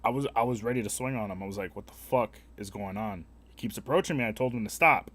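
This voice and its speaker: Casting: young male streamer, lowish voice, crude and blunt, acts out the people in his stories. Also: quick pace. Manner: blunt, heavily profane, animated retelling with voiced quotes. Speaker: live streamer. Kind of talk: casual storytelling while gaming.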